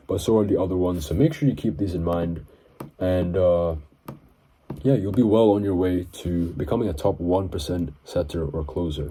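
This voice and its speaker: A young man talks straight to camera about selling, earnest and a little rambling, catching and fixing his own words as he goes. His voice sits low and very dark, with a husky edge to it. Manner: rambling, self-correcting, earnest. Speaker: sales coach and channel host. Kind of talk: casual talking-to-camera advice. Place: indoors in front of a camera.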